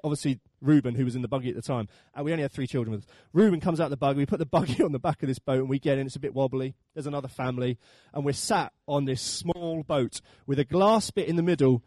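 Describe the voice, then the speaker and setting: A man in his thirties preaching a sermon and telling a funny holiday story, with lively acted quotes. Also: on the high side, no echo. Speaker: pastor.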